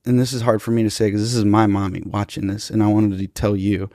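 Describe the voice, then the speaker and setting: A man's voice: on the low side, level tone, fast, warm tone, dry recording, clean studio sound. A man telling an absurd improvised comedy story in a matter-of-fact way. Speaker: podcast comedian.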